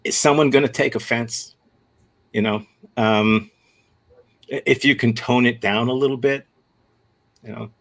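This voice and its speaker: An American man teaching an improv workshop over a video call, answering a student's question in a thoughtful, frank way with many halting restarts. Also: medium pitch, steady tone. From United States.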